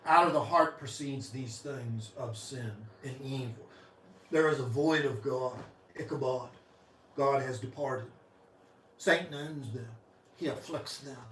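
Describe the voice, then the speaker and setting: A male pastor preaching a sermon with passion, his voice swinging from loud to soft. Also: mid-range voice, measured pace, reverberant, distant mic, slight background noise, poor audio. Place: church sanctuary.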